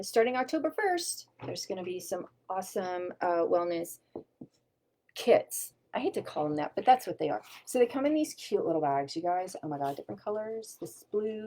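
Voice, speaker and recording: A woman's voice: mid-range voice, a little hiss or hum. Chatty woman telling a story on a live stream. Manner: chatty, animated, swears casually. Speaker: wellness advocate host.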